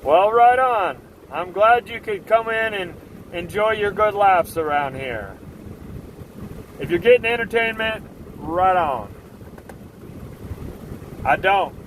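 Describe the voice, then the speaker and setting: A man's voice: high voice, lively intonation, takes it slowly, long pauses, a bit bright, a little hiss or hum. A man hosting a live stream, talking casually to his chat in assertive, fired-up rants. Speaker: livestream host.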